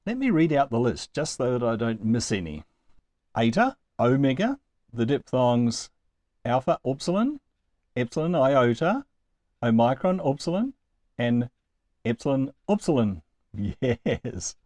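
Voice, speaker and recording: Man teaching Greek with lively pitch. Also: no room sound. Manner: slow, deliberate over example words, with chuckles. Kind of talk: recorded lecture.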